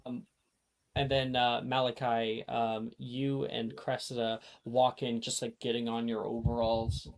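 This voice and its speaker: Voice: medium pitch, little pitch movement, a little slow. A game master narrating a tabletop game casually, with fillers and laughs.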